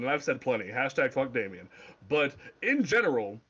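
Man, casual podcast chat, rambling, profane, fairly high voice, muffled audio. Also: sing-song, a little fast, fairly bright tone, husky. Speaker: podcast co-host.

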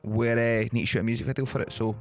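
A male podcast host jumps in to recap his friend's story for the audience, with a light teasing edge. His voice sits at an average pitch, and his delivery stays casual. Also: steady tone, quick pace, a little mellow, no echo, soft background music. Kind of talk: casual chat.

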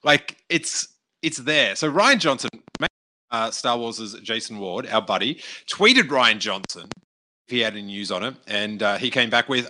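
Bright-voiced man in casual chat. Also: mid-range voice. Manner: animated, quick asides and restarts.

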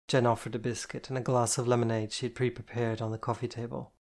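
An audiobook narrator giving measured first-person storytelling from a novel. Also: mid-range voice, level tone, a little mellow.

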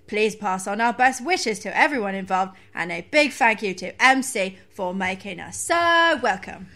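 Lively dry-witted woman. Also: mid-range voice, moderate pace. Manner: dry, teasing asides. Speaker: podcast co-host. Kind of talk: casual comic chat.

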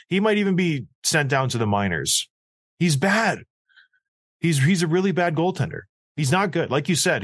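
A man's voice: mid-range voice, fairly bright tone, dry recording. Blunt man co-hosting, dry sound. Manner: blunt, emphatic, mocking. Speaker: podcast co-host. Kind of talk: casual chat.

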